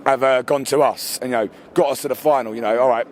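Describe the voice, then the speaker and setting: A man's voice: medium pitch, steady tone, quick pace, a little hiss or hum. A man, ranting furiously and swearing as a football fan outdoors after a match. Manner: furious, sweary, shouting over himself. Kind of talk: angry fan rant.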